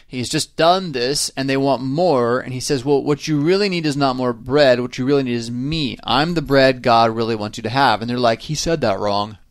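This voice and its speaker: Speaking at a moderate pace with few pauses, a medium-pitched man leads a laid-back Bible study on his podcast, sprinkling in fillers and tag questions such as "right?". Sound is clean studio quality with a dry feel.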